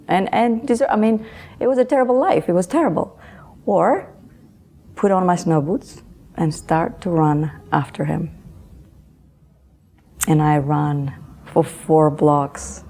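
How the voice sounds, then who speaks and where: A middle-aged woman, an author and interview guest, earnestly telling a personal story and often answering with quick yeses. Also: sits low, vocal fry, a little mellow. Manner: earnest, repeats words, frequent affirming yeses.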